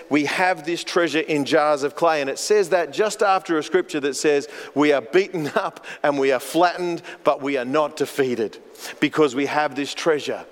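A man preaching a sermon as pastor, earnest and storytelling, often repeating words as he goes. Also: on the high side. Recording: long hall reverb.

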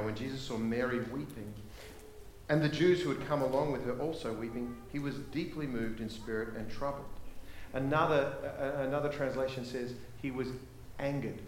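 Impassioned preacher in an echoey church. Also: male voice, mid-range voice, slight background noise. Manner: impassioned, swings from emphatic to hushed; repeats rhetorical questions. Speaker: pastor. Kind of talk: sermon.

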